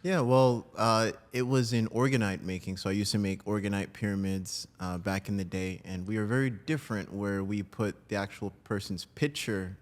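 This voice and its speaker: A man from New Jersey, a breathwork practitioner, talking as a guest in a casual interview, animated and quick to laugh. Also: lowish voice. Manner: animated, laughs easily, trails into quiet asides.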